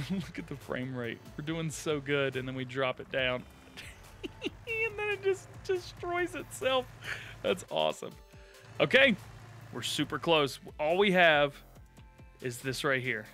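A man with a drawl hosting a live game stream, chatting casually with viewers, laughing often and thanking them warmly. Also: mid-range voice, a little slow, long pauses. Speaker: live-streaming gamer host. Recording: light game music behind.

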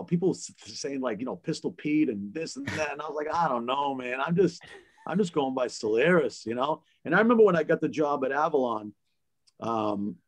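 A man from the Boston area who spins stories on a podcast panel. He is animated, laughs often and acts out the voices of people in his anecdotes, with an easy, conversational flow. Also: mid-range voice. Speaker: guest DJ. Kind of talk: casual storytelling on a panel.

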